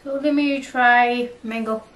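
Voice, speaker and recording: A woman's voice: a little high, steady tone, slow pace, fairly bright tone. A young woman with a Nepali accent, chatting casually in a food-tasting vlog and switching between English and Nepali. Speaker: vlogger. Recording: roomy, distant mic, faint noise.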